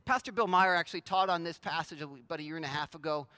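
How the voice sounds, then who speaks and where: A man's voice: a little high, quick pace, bright, forceful tone, clear, resonant tone, no room sound. A man preaching a sermon as pastor, conversational and emphatic, with a prayer before he reads and explains scripture.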